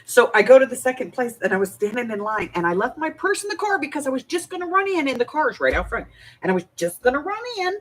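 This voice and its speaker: A middle-aged woman hosting a craft livestream from her home desk, chatting casually and telling animated stories with frequent laughter. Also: sits high, fast talker, poor audio. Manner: animated storyteller, laughs often. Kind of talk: casual chat while crafting.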